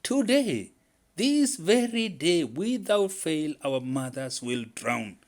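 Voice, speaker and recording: A man voices a male squirrel trickster in a told folktale, shrill and emphatic, the character scheming and excitable. He delivers it a little slowly.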